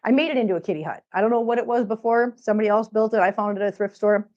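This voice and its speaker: A woman's voice: mid-range voice, rapid-fire. Woman cat vlogger, casual rambling chat, a bit winded, slightly dull lo-fi sound. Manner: chatty, rambling, answers viewers' comments. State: a bit out of breath. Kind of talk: casual livestream chat while cleaning.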